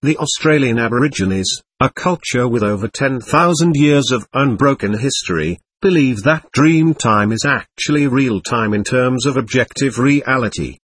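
A man narrating an audiobook in a measured, even reading style. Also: medium pitch, breathy edge, no echo. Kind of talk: scripted narration.

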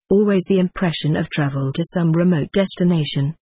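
A woman narrating an audiobook in a measured, even reading manner. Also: on the low side, husky, dry recording. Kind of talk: scripted narration.

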